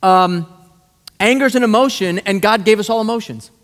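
A male pastor preaching a sermon, animated and conversational, full of rhetorical questions. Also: sits high, normal speed. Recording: long hall reverb.

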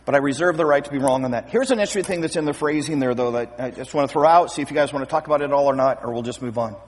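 A man preaching a sermon as pastor, lively and acting out scripture scenes with voices. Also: medium pitch, rapid-fire, husky. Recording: long hall reverb.

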